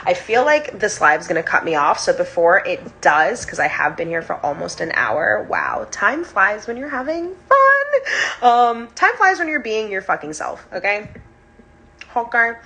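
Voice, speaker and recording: Her voice is medium in pitch, a bit bright and a little slow, with big swings up and down. A young breathwork and chakra teacher, she leads a casual live-stream lesson, bubbly and giggling, saying "like" all the time.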